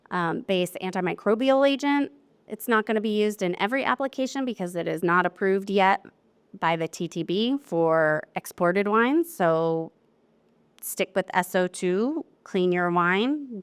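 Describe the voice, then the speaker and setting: Woman, seminar presenter, chatty and lively, smooth clear voice, mid pitch. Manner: chatty and lively, acts out client quotes. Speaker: wine lab specialist presenting a seminar. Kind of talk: live technical seminar talk. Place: seminar room with an audience.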